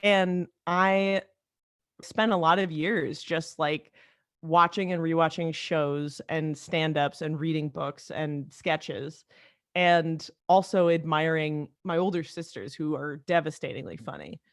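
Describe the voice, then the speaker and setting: A woman guest, a comedy writer, chatting casually in an interview, animated and full of quick restarts and asides. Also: deep voice, no room sound, clean studio sound.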